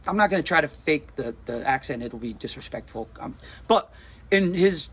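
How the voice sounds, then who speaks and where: A man's voice: on the high side, expressive, moderate pace, a bit bright, breathy edge. A man with a New Jersey accent, a comic shop owner, telling a rattled, rambling story in a casual vlog, full of restarts and repeated words.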